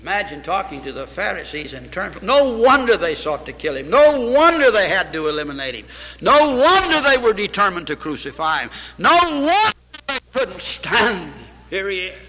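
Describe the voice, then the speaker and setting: A man's voice: high voice, very animated, moderate pace, pushed and bright. A man preaching a sermon with fervor, repeating phrases and quoting scripture in old English. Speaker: pastor. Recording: reverberant hall.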